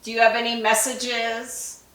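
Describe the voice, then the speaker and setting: A woman's voice: on the high side, flat delivery, unhurried. A woman leading a spirit box session as a paranormal investigator, asking short questions and repeating back what the device seems to say. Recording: roomy, distant, loud static hiss.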